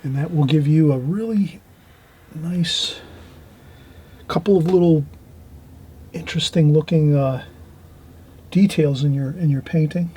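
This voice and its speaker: A man teaching a watercolour painting demonstration, talking gently as he paints and trailing off into quiet asides. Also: a little high, a little slow, pauses often, slightly rough.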